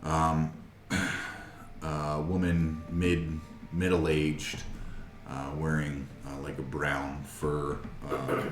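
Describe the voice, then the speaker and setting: A man's voice: very deep voice, level tone, drawn-out words, echoey room, faint music behind. A man narrating a tabletop game as game master, with many hesitant fillers.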